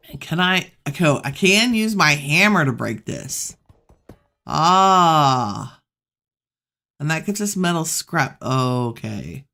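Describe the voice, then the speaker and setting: Slow, gravelly-voiced woman musing over gameplay. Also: deep voice, fairly bright tone. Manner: musing, talks to herself while playing. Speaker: gameplay streamer. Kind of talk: relaxed gameplay commentary.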